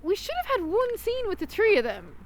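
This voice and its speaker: A woman co-hosting a casual film review podcast, animated and quick to laugh. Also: very high-pitched, a little hiss or hum. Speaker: podcast co-host.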